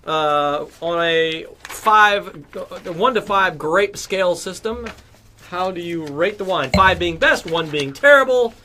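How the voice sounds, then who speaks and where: Host, male, high-pitched, chatty, fillers, easygoing panel lead. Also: animated, slow pace, pushed and bright, slight background noise. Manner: chatty, hosting with frequent fillers. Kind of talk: casual panel chat.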